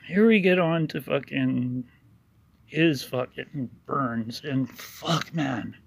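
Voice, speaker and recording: A man's voice: medium pitch, slow pace, vocal fry, slightly rough, no room sound. A man giving an angry, sarcastic voice-over commentary with heavy swearing, ranting about an online rival. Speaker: YouTuber narrating over a video.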